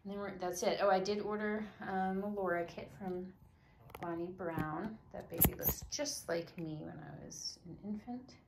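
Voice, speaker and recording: Casual vlogger, woman, lowish gravelly voice, drifts into whispers, faint hiss behind. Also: normal speed. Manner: chatty, drops into soft whispers. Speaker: doll collector vlogger. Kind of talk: casual chat to camera.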